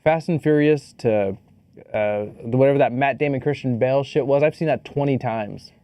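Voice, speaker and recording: A man's voice: mid-range voice, moderate pace, mellow, smooth, no echo. A man co-hosting a podcast, joking playfully and swearing casually while chatting about trailers. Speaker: podcast co-host.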